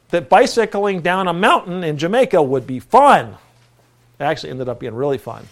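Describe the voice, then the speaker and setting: A man preaching in a conversational style, telling a personal story with lively energy. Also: a little high.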